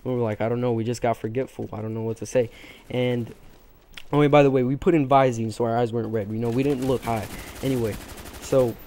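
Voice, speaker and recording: A man's voice: mid-range voice, steady tone, fast talker, warm tone, a little hiss or hum. A teenage man hosting a gaming channel, telling a long rambling story full of fillers and restarts over his gameplay.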